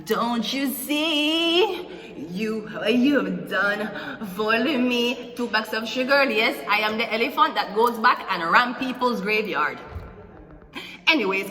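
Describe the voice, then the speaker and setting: A woman with a mid-range, sharp-toned voice hosts a casual tarot reading on her channel, chatting loosely and sometimes breaking into song. She's in an echoey room with long reverb, and music plays in the background.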